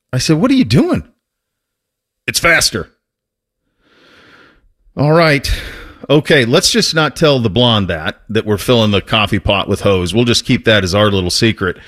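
A man hosting a talk show, telling a casual, animated story with frequent restarts and laughs. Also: mid-range voice. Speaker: host.

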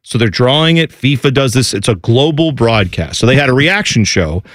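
A man's voice: mid-range voice, expressive, moderate pace, a bit bright, dry recording, studio quality. A man hosting a casual sports talk show, explaining soccer in a chatty way with jokey asides.

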